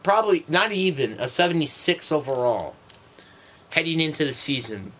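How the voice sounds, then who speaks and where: Slow-talking, exasperated young man ranting. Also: a little high, sharp tone. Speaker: streamer. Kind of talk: casual gameplay commentary.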